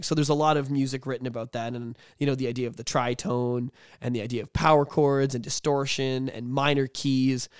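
A man's voice: medium pitch, no echo. Casting: male podcast host, loose storyteller, salty language, dry close-miked sound, mid-range voice. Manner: rambling, profane, laughs often. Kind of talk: casual storytelling chat.

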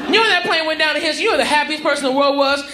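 A male stand-up comedian performing a brash, profane, mocking set on a comedy club stage, shouting his punchlines. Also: very high-pitched, very fast. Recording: live club recording, roomy, crowd noise. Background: audience laughter.

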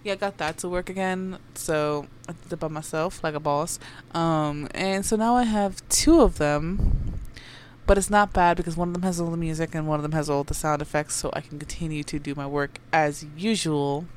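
A woman's voice: low-pitched, fairly even intonation, moderate pace, a little hiss or hum. A young woman hosting a podcast, ranting candidly and rambling, swearing freely and dropping Spanish phrases. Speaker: podcast host. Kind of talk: casual personal rant.

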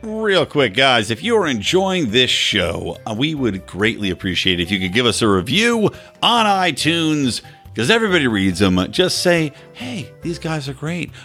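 A man co-hosting a podcast, chatting casually and swearing, mocking people by quoting them in high voices. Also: moderate pace, soft background music. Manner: animated, profane, mocking quotes in high voices. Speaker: podcast co-host. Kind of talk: casual chat.

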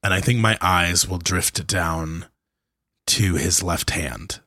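Halting, filler-heavy man. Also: low-pitched, sharp tone, no room sound, studio quality. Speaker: player. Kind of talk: playing a tabletop game.

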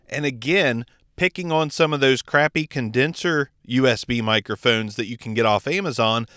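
A man's voice: mid-range voice, bright, forceful tone, clean tone, no echo. A man giving a casual, opinionated tutorial on podcast gear, speaking close into a microphone. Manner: opinionated, chatty, enthusiastic. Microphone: speaking into a close dynamic microphone.

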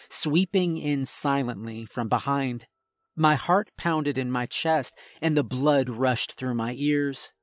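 A man's voice: mid-range voice, no room sound. A man narrating a first-person horror story in a dramatic, tense storytelling manner.

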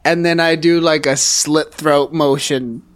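A man's voice: fairly high pitch, steady tone, measured pace, a bit bright. A man playing a tabletop game, joking and describing his character's actions. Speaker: player. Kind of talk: casual tabletop role-play.

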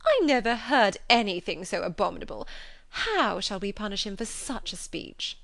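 A woman's voice: mid-range voice, lively intonation, normal speed, vocal fry, a bit bright, no room sound. A woman voicing a haughty, scheming young society lady with an arch, insistent manner. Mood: indignant.

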